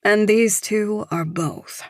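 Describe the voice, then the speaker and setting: A woman reading the lines of a calm, tough mother in an audiobook, cool and blunt. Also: medium pitch, slow, creaky, no room sound, studio quality, pitched above the performer's own voice.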